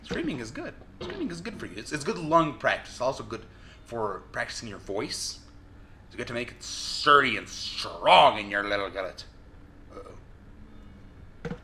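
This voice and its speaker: A man commenting on his own gameplay, shouting and swearing in frustration between joking asides. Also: medium pitch, sing-song, normal speed, slight background noise. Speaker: gaming video host. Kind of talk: let's play commentary.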